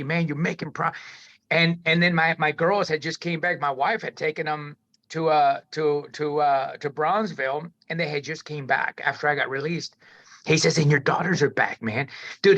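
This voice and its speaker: Guy telling his story, swears a lot, keeps saying man, bright forceful voice, muffled lo-fi sound. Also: fairly high pitch. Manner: emphatic, swears freely, frequent restarts and "man". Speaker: interview guest sharing recovery story. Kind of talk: candid conversational storytelling.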